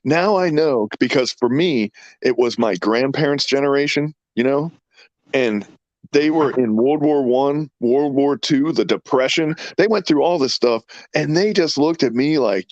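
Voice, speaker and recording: A man's voice: medium pitch, measured pace, no echo, dull audio. A man in his fifties, a podcast host telling rambling, profane stories in casual chat. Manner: rambling, profane, animated storyteller.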